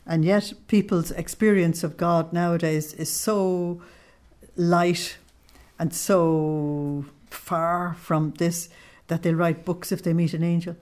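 A woman's voice: lowish voice, fairly even intonation, slow, a little mellow. A middle-aged woman giving an informal religious talk to a group, reading quotes aloud with feeling and laughing often. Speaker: speaker on Christian mysticism.

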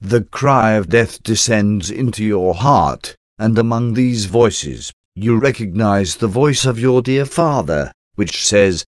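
A man's voice: on the low side, animated, slow, hardly any pauses, no echo, studio quality. A man reading a devotional meditation in a solemn, prayerful way. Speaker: devotional reader.

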